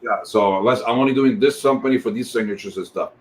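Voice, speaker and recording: A deep-voiced man with a Spanish accent, a guest artist chatting casually and rambling with jokes. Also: fast. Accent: Spanish-accented English. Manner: rambling, joking, many fillers. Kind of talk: casual video chat.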